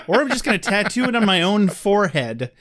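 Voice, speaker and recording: A man co-hosting a podcast in casual chat, joking and rambling through quick recaps. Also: sits high, very animated, fairly bright tone. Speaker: podcast co-host.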